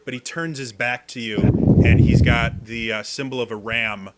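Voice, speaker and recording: A man's voice: mid-range voice, steady tone, normal speed, heavy background noise. A man narrating as game master of a tabletop game, describing scenes with many fillers.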